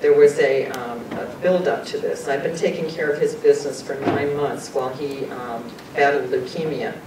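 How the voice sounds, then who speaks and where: A woman's voice: fairly even intonation, normal speed. Woman telling a story, echoey and distant. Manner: earnest, conversational, often laughs and quotes people. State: emotional, choking up at times. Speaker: guest speaker sharing personal experiences. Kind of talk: personal storytelling talk. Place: meeting room at a talk. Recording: far-off echoey room with rumble.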